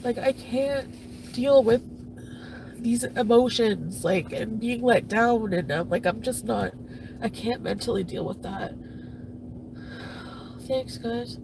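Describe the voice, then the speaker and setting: A woman's voice: high-pitched, measured pace, noisy background. A woman doing a foul-mouthed, jilted streamer. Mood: deflated. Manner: profane, swings between yelling and mumbling. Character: jilted, furious woman streamer, crude and self-pitying. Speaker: puppet comedy performer. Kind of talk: comedic impression of a livestream rant.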